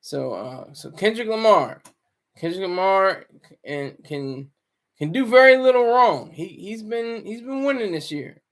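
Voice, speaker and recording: A man's voice: high voice, expressive, unhurried. A man giving casual, rambling livestream commentary, often breaking off mid-sentence and chuckling. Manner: rambling, self-interrupting.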